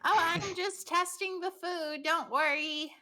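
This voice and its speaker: A woman's voice: very high-pitched, steady tone, slow, pushed and bright, voice pushed up, exaggerated voice. A woman voicing a wary female adventurer in a tabletop game, with a chirpy, matter-of-fact manner. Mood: breezy.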